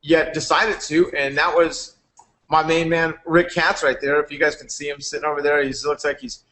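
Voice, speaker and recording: A man, a company founder, giving a rambling, energetic motivational talk to members on a live stream. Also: on the high side, normal speed.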